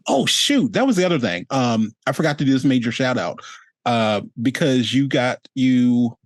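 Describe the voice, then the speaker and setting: A man's voice: medium pitch, animated, normal speed, no room sound. A male host chatting casually on a video call, rambling and restarting his sentences and laughing often. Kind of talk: casual chat.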